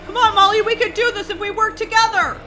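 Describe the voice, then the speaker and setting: A woman's voice: very high voice, steady tone, fast talker. A woman voicing an earnest heroic sidekick who urges the team on. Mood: urgent. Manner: earnest, urgent rallying. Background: game music.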